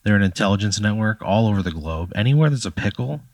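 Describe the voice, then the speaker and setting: Man, low voice, rambling improv storyteller, dry close mic. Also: lively intonation, fast, dry recording. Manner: rambling, full of "like" fillers.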